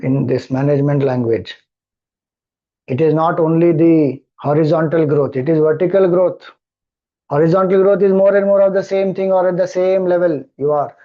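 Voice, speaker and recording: A man's voice: fairly high pitch, lo-fi sound. A man with an Indian accent, a spiritual teacher explaining scripture, who keeps repeating verses and asking rhetorical questions. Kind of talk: scripture discourse.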